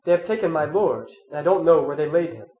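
A man's voice: a little high, animated, fast talker, warm tone, lo-fi sound, close to an everyday voice. A man with a nasal, congested voice reads the words of Mary Magdalene, a grieving woman, during a scripture reading. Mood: pleading. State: congested from a cold. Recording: roomy echo, faint ambient noise.

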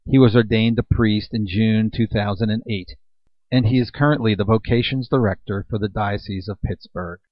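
Low-voiced man reading a formal introduction. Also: steady tone, moderate pace, no echo. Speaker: event announcer. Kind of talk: scripted speaker introduction. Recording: dull, dry recording.

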